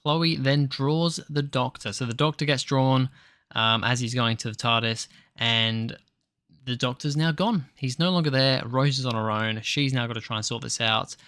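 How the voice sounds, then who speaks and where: A man's voice: medium pitch, normal speed, fairly bright tone, no echo, clean studio sound. Hesitant man rambling through a review. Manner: hesitant, filler-heavy, rambling. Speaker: TV episode reviewer. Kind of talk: casual spoken review.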